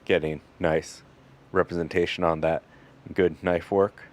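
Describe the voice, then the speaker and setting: A man working as a butcher who explains his cuts step by step in a casual, instructional way. He talks in a relaxed, joking manner with fillers. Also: low-pitched, unhurried.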